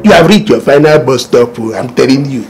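Excitable Nigerian man in sketch comedy. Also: a little fast. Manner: excitable, exclamatory, high outbursts. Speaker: comedic lead. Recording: music under the dialogue.

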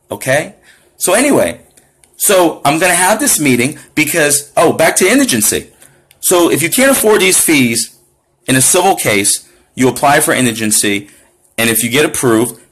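A Florida man with a slightly raised, husky voice rants to his viewers, his pitch swinging widely as he gets worked up. He jumps from indignation to sarcasm in a loose, off-the-cuff delivery. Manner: animated, indignant, sarcastic asides. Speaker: activist vlogger. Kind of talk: casual monologue to camera.

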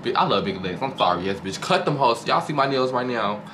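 A man's voice: medium pitch, animated, a little fast. A man hosting his own channel, recapping a reality show in casual, profane, gossipy commentary with dramatic flair. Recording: noticeable background noise.

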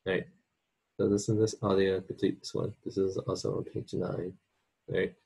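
Male online teacher, low husky voice, relaxed and informal, speaks. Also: a little fast. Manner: informal, checks in with "okay?" and "right?". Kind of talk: recorded online lesson.

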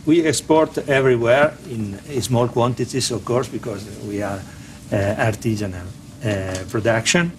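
A man with an Italian accent, an artisan chocolate maker answering questions in halting English full of "uh" pauses. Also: medium pitch, a little hiss or hum. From Turin, Italy. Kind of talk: interview answers.

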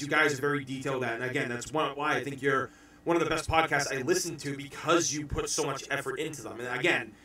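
A man from the United States hosting a casual podcast chat, excitable, swearing freely and shouting out bits of impressions. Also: on the high side, heavy reverb, recorded from a distance. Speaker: podcast host.

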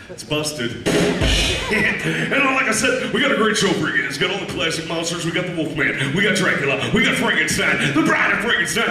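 A man's voice: high-pitched, slight background noise. An actor playing a crude, wisecracking male ghost showman who works a live theme park crowd with brash, sleazy jokes. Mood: brash, mocking. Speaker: live show emcee. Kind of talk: live stage comedy, crowd work. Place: theme park stage show. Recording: echoey, distant crowd-camera recording with loud music.

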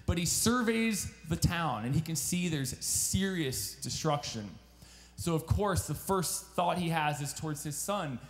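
Man, youth preacher, earnest sermon storytelling, repeats phrases, roomy echoey hall. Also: fairly high pitch.

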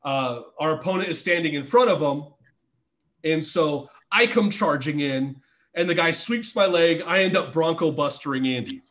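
A man's voice: a little high, moderate pace, a bit bright. A middle-aged man telling wrestling stories in a casual podcast chat, laughing often and swearing freely. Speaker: podcast guest, former pro wrestler.

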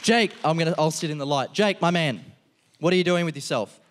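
A man's voice: fairly high pitch, a little fast, a little hiss or hum. A man, hosting a live stand-up show, swearing freely and riffing with the crowd. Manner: profane, animated, riffing with the crowd. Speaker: comedian host. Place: live venue before an audience.

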